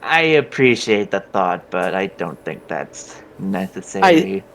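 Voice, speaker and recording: A man playing his character in a tabletop game, speaking hesitantly and softly. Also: fairly low pitch, sing-song, slow, gravelly, slight background noise. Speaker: player voicing his character Farron. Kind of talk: in-character tabletop role-play.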